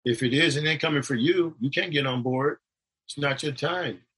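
Husky-voiced man telling a heaven vision. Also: fairly high pitch, normal speed, fairly bright tone, poor audio. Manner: emotional storytelling, voices rising and falling. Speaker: preacher.

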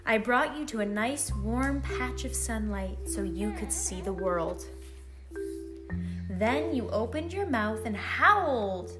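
A woman storyteller reading a bedtime story aloud in a gentle, even narrating voice. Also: on the high side, slow pace, music in the background.

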